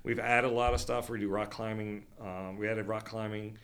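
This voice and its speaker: Middle-aged man, low voice with a bright edge, casual podcast chat full of ums. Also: little pitch movement, moderate pace. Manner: rambling, filler-heavy, with self-restarts. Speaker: outdoor program leader, veteran.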